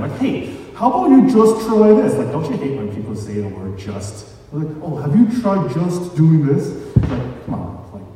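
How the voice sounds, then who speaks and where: A man's voice: on the high side, darkish tone. A man preaching a sermon in a conversational way, mixing scripture reading with casual asides. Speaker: pastor. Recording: echoey hall, distant mic.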